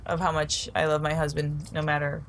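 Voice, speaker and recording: A woman's voice: low-pitched, monotone, fairly quick, a little hiss or hum. A middle-aged woman, a podcast guest, telling a personal story in a rambling casual way, full of fillers and frequent laughter.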